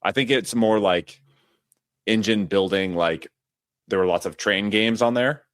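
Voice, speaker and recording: Low-voiced playful male podcast host. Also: measured pace, no room sound, studio quality. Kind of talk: casual chat.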